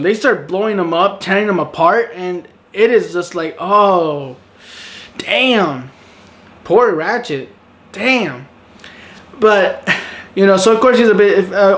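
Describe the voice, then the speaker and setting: A man with a notably high voice talks through a film's plot in a loose, unscripted review. He rambles with plenty of ums and you-knows. He turns sarcastic and exasperated about the characters he dislikes. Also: brisk. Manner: rambling, filler-heavy, sarcastic, breaks into exasperated outbursts. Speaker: movie reviewer. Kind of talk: casual spoken review.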